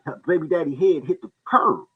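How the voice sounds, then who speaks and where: A man casually telling stories on a talk show, animated and quick to act out the people in them. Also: breathy edge, lo-fi sound. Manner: animated storyteller, jumps into high-pitched voices for others. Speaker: podcast co-host telling stories. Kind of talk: casual storytelling chat.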